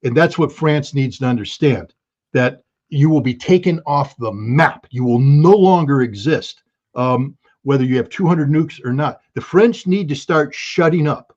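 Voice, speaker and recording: A man's voice: mid-range voice, a little slow, a little mellow. Brief: a man as a guest analyst, blunt and emphatic, mid-range voice, on muffled lo-fi audio. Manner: blunt, emphatic, bursts of alarm. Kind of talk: interview commentary.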